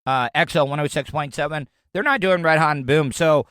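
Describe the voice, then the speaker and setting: A man's voice: a little high, a little fast, a bit bright, clear, resonant tone, no room sound, clean studio sound. A man from Florida hosting his own podcast, riffing in a crude, sarcastic, rambling way. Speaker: podcast host. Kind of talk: casual comedic commentary.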